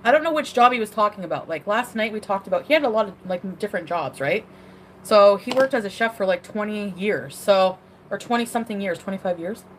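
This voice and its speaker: A woman's voice: medium pitch, lively intonation, a little fast, slight background noise. A young woman talking casually to her viewers as an influencer, rambling with lots of "like" and restarts. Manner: rambling, full of "like" and trailing restarts. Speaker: social media influencer. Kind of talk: casual livestream chat.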